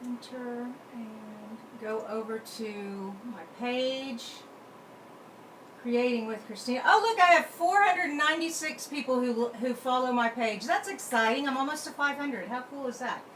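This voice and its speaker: Her voice sits on the high side and has a bit of brightness, delivered at a measured pace. She's the host of a card-making channel, chatting casually on a live stream and muttering to herself as she uses the computer in an echoey room with faint background noise.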